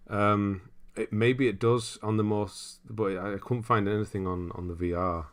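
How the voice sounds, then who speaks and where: A man's voice: fairly low pitch, steady tone, moderate pace. A man streaming games and chatting casually as he reads viewer comments, rambling and laughing often. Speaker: streamer host. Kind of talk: casual livestream chat reading viewer comments.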